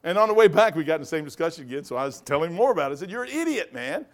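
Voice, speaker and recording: A man's voice: fairly high pitch, expressive, very fast. Emphatic folksy preacher man. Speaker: pastor. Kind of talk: Bible study preaching.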